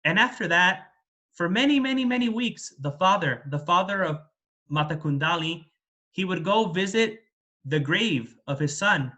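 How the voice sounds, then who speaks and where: A Buddhist monk tells a teaching story to his community, keeping the words simple and repeating phrases, often checking in with "right?". His voice is bright and forceful, and sits a little high for a man. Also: animated, normal speed. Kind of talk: dharma talk storytelling.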